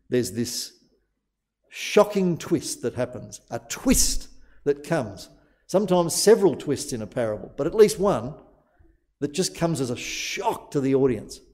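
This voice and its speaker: Male preacher, mellow voice, storytelling sermon with shifting emphasis. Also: mid-range voice. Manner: storytelling, varied emphasis with dramatic pauses.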